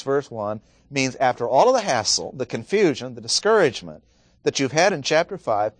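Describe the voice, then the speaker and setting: A man's voice: mid-range voice, dry recording. A man teaching a Bible study, talking casually, asking his listeners questions and reading scripture aloud with emphasis. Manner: conversational, asks the audience questions.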